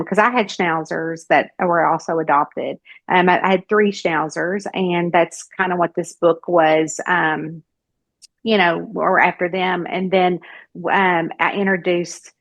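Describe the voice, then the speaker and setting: Southern American woman, lively storyteller. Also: fairly low pitch, dry recording. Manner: lively storyteller who acts out quoted voices. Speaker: guest author. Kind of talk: casual interview chat.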